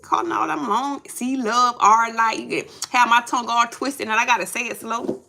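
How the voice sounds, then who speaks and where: Bright-voiced chatty woman tarot reader. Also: on the high side, normal speed, vocal fry, low-quality recording. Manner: casual and chatty, talks straight to viewers, repeats herself while checking names. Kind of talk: live-stream tarot reading.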